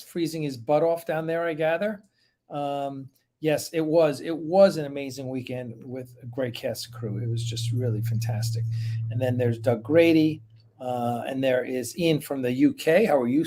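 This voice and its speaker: A man's voice: medium pitch, unhurried, a little mellow. A man hosting a casual live stream, chatting loosely, greeting viewers one by one by name and rambling between asides.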